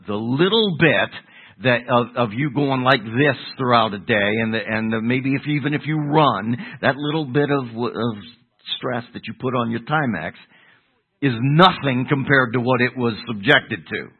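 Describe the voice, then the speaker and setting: A husky, medium-pitched voice belongs to an older pastor teaching from the Bible, asking his congregation questions and answering them on his own. The recording is a tinny, phone-like radio broadcast.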